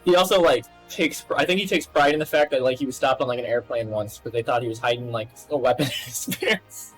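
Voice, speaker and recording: A man's voice: medium pitch, fast, soft background music, rough recording. Giggly, crude-joking man. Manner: laughs a lot, crude jokes, swears freely. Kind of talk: casual chat while playing.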